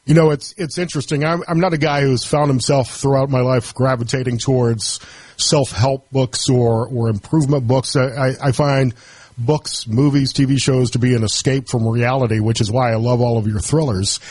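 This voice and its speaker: A middle-aged man guest-hosting a radio talk show, speaking reflectively and haltingly with many restarts. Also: medium pitch, fairly even intonation, darkish tone, breathy edge, dry recording. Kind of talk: radio interview.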